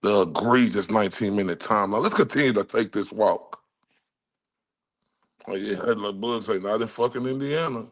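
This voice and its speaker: Male streamer from Dallas with a gravelly voice, ranting angrily and swearing constantly. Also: on the low side, moderate pace. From Dallas, Texas. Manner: furious, heavily profane ranting. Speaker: livestream host. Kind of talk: angry profane livestream rant.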